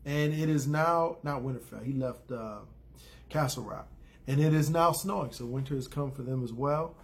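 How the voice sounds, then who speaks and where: With a little hiss or hum in the audio, a mid-range male voice recaps a TV episode at a moderate pace. The talk is casual and rambling, packed with fillers and restarts, and he mixes in blunt views and short impressions of characters.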